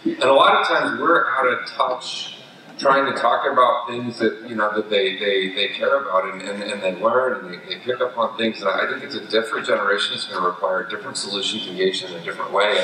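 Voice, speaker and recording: A man's voice: fairly low pitch, a little fast, pushed and bright, slight background noise. A man speaking on a conference panel, telling rambling anecdotes with many restarts. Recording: echoey hall, distant mic.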